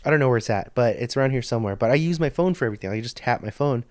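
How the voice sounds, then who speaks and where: A man's voice: mid-range voice, animated, very fast, no echo. A man hosting a podcast, telling a story in a rambling, profane, stop-start way into a studio microphone. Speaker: podcast host. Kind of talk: casual storytelling monologue.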